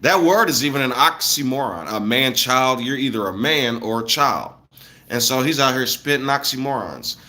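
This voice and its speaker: Man, thirties, from the US, casual rant, slangy, rambling, bright tense tone. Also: medium pitch, animated, normal speed. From United States. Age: 30s. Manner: loose, rambling, slangy and blunt.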